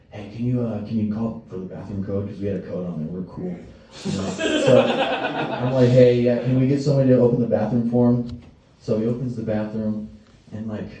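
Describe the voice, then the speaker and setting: A man's voice: on the low side, dark tone, slight background noise. Profane young man telling stand-up stories. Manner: crude, profane storytelling with acted-out voices. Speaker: stand-up comedian. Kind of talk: stand-up set. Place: comedy stage before a live audience. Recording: distant, roomy live stage sound.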